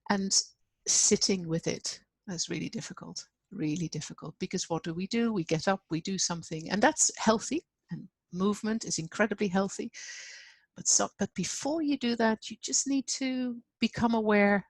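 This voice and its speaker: Brief: soft-spoken female grief counselor, reflective, mid pitch, dry close mic. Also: measured pace, no room sound. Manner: gentle, reflective, acts out client dialogue. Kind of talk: conversational interview.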